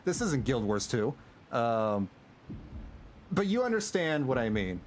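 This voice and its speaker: A man's voice: mid-range voice, big pitch swings, a little slow, long pauses, a little hiss or hum. Chatty man musing over a game stream. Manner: musing, chatty, chuckles at himself. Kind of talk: casual livestream commentary. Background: game music.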